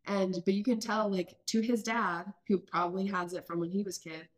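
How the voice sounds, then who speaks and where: A woman's voice: medium pitch, fairly even intonation, fairly quick. A woman in her mid-thirties hosting a parenting podcast, talking earnestly and thinking aloud with many restarts. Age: mid-30s. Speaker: podcast host. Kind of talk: casual parenting podcast chat.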